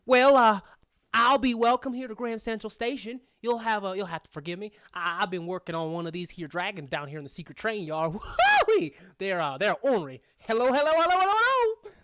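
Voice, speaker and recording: A woman's voice: mid-range voice, sing-song, brisk, a bit bright. A woman voicing a tiny, bald, very old male gnome prospector who talks in folksy exclamations and stammers.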